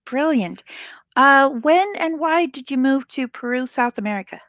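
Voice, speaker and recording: A woman's voice: high-pitched, animated, normal speed, fairly bright tone, no echo, highs cut off. A woman hosting a casual online interview show, chatty and upbeat, on a video call from home. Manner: chatty, upbeat, laughs easily. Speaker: host. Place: home, filmed live online.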